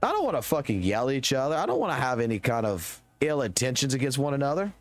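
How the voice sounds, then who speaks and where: A man's voice: medium pitch, fast, soft background music. A young man from Louisiana with a Southern US accent, ranting and swearing in loose livestream commentary close to his mic. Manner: animated, profane, rambling rant. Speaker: streamer. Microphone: close desk mic.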